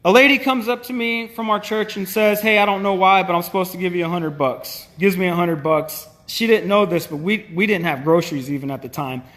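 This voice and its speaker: An animated man tells his story in a casual way, often restarting and acting out old conversations. His voice sits high for a man, and a long reverb trails behind him in the room. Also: brisk, few pauses. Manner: animated, restarts and acts out past dialogue. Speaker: small business owner telling his faith story.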